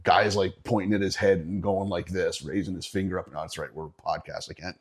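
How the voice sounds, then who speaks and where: A middle-aged man with a fairly low voice shares a gig story on a podcast. He talks in a loose, conversational way, swears freely and laughs often as he goes. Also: fairly even intonation, fairly quick, husky. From Northeastern Pennsylvania. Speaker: podcast guest. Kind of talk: casual storytelling chat.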